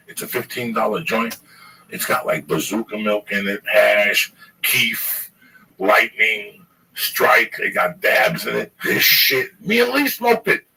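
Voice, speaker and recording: Male, loose foul-mouthed storyteller, forceful edge, low pitch, recorded from a distance. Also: gravelly. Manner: rambling, profane, animated storyteller. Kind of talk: casual storytelling chat. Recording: distant mic with faint noise.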